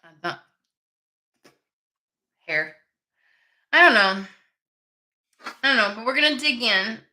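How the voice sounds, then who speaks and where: Bright-voiced woman, casual and profane. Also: a little high, expressive, slow, slight background noise. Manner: profane, irritated, rambling. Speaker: tarot reader channel host. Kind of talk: casual chat to camera. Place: home room with desk and window. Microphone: camera mic.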